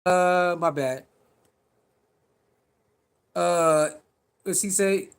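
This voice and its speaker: A man with an unusually high voice hosts a live sports talk stream and argues straight at his chat. His speech is casual and slangy, and he keeps pressing the same pointed questions over and over. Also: extremely slow, clear, resonant tone. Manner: argumentative, repeats pointed rhetorical questions. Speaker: sports talk show host.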